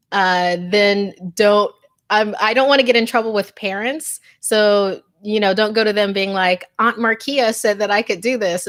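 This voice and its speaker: A woman's voice: mid-range voice, fairly bright tone. A woman hosting a live stream, chatting casually and gushing over viewer comments with lots of fillers. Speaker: host.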